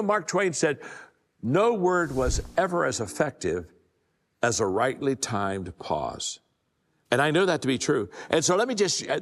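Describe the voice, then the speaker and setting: An older man, a leadership speaker, gives a folksy motivational talk about communication and leadership. He often repeats his opening words as he begins a sentence. His voice is mid-range, and the recording has a big-room sound.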